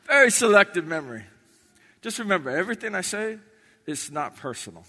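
A man's voice: high voice, big pitch swings, brisk, sharp tone, a little hiss or hum. A man doing stand-up on stage in a large hall, talking in clipped broken English and chanting lists of names. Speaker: stand-up comedian.

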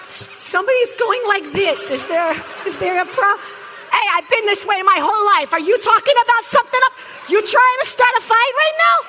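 A woman's voice: extremely high pitch, moderate pace, pushed and bright, big-room sound, slight background noise. An actress playing a pushy, brash botany teacher who teases her class in a comedy sketch. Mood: brassy. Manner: brassy, teasing, talks straight at a class. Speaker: comic actor playing a teacher.

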